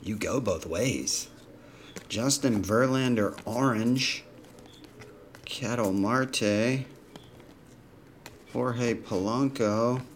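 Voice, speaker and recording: A man's voice: medium pitch, drawn-out words, long pauses, slight background noise. A man hosting a live card break in a casual way, calling out player names as he opens packs. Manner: rattles off player names while opening packs.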